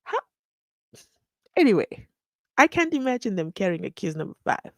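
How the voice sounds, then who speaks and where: A woman's voice: mid-range voice, sing-song, normal speed, a little mellow, no room sound. A woman, hosting a live stream, reading viewer comments and acting out the people she quotes with sarcasm. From South Africa.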